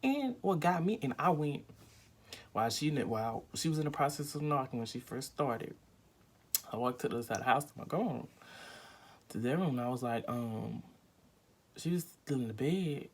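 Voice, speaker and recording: A man's voice: medium pitch, animated, moderate pace, long pauses, slightly rough. A young man telling a rambling, emphatic storytime vlog at home, full of fillers and acted-out quotes. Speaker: vlogger.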